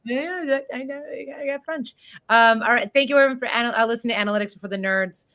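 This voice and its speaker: A woman's voice: on the high side, fast talker, fairly bright tone. A woman co-hosting a podcast in casual chat, rambling with many fillers. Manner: chatty, filler-heavy, rambling. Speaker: podcast co-host.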